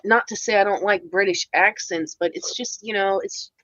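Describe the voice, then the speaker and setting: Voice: mid-range voice, steady tone, normal speed, sharp tone, no room sound, muffled recording. A streamer giving casual, rambling reaction commentary, blunt and swearing often.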